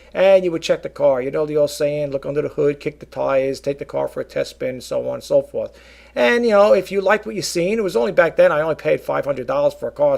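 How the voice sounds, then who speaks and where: A man's voice: fairly high pitch, creaky, darkish tone. A middle-aged man rambling casually to his viewers, full of fillers and asides, calling them folks. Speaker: vlogger and eBay reseller. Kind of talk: casual rambling talk to camera.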